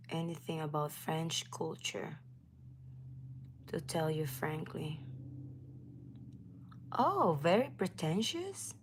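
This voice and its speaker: A woman hosts a relaxed livestream, chatting with viewers in an unhurried, slightly low voice. She laughs often and now and then drops into a soft whisper. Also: slight background noise. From United States. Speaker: livestream host. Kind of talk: casual livestream chat with viewers.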